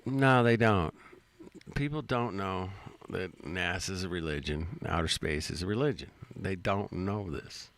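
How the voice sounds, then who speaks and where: A man's voice: low-pitched, measured pace, a bit bright, no room sound. A man hosting a stream, giving laid-back, slangy reaction commentary and talking back to the clips he plays.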